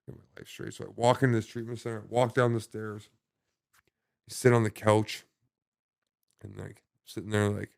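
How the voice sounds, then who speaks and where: A man with a somewhat low voice talks casually as a podcast guest. He swears often and circles back through fillers and false starts. The sound is dry and close. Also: flat delivery, gravelly, a little mellow, no room sound. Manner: halting, profane, many restarts and fillers. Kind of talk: casual conversation.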